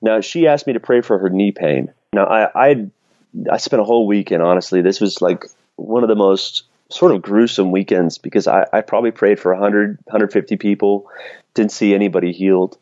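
A man's voice: lowish voice, brisk, darkish tone, no echo, dull audio. A man telling a personal story in a casual conversation, candid and self-deprecating, laughing now and then. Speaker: podcast guest.

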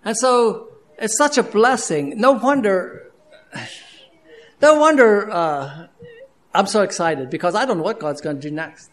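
A man's voice: high-pitched, lively intonation, normal speed. A man preaching a sermon in an earnest, conversational way, with frequent restarts and fillers.

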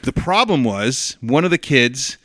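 A middle-aged man telling a story as a podcast guest, casually and with animated bits of acted-out voices. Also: mid-range voice, measured pace, dry recording. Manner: animated, acts out voices in his anecdote.

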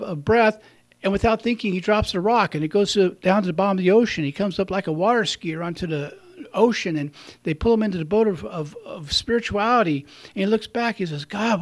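A man's voice: high-pitched, a little fast. A man giving a conversational sermon, telling stories and laughing at his own slips. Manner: conversational, warm storytelling, chuckles at himself. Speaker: preacher.

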